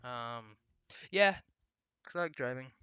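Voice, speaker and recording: A man's voice: medium pitch, animated, slow, bright, forceful tone, clean tone, highs cut off. A young man casually commenting on a game he is playing, rambling and swearing, with easy laughs. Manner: rambling, profane, laughs easily. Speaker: gameplay commentator. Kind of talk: casual let's-play commentary. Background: faint game music.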